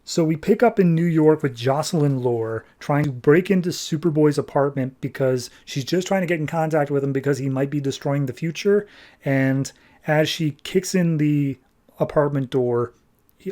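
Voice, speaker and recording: A man hosting a comics podcast, recapping an issue in a casual, animated way and nitpicking its mistakes. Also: a little high. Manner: animated, exasperated nitpicking, quick paraphrased dialogue. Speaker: podcast host reviewing comics.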